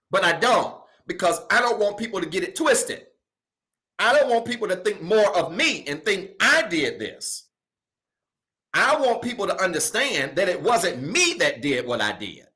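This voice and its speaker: A male pastor preaching a sermon in a casual, colloquial way, repeating key phrases and swinging from loud emphasis to soft asides. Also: high voice, big pitch swings, normal speed.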